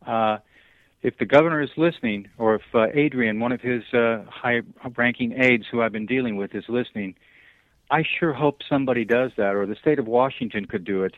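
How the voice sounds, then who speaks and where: A man's voice: medium pitch, no echo. Earnest man on a tinny phone line. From Southern California. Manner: earnest, halting with many fillers and restarts. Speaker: guest. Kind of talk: phone-in radio interview.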